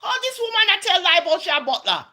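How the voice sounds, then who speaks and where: A woman's voice: extremely high pitch, sing-song, quick pace, bright, forceful tone, pitched above the performer's own voice, full character voice. A woman with a Jamaican accent voicing a scornful woman who scolds her for lying, incredulous and in Patois. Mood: mocking. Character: scornful woman mocking the speaker's lies.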